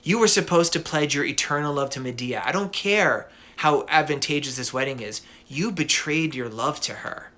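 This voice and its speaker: A man voicing a stern goddess who scolds in a low, cold tone. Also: normal speed, hardly any pauses, sharp tone. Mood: scolding.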